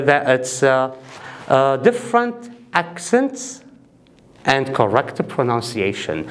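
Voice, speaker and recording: Man teaching exam tips. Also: mid-range voice. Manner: explains with examples, frequent fillers. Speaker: English teacher.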